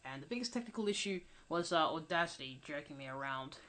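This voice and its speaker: A woman's voice: deep voice, lively intonation, fast talker, fairly bright tone. A young woman giving a casual audio commentary, mumbling and hesitant as she recovers from being sick. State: recovering from illness. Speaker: channel host. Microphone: home desk microphone.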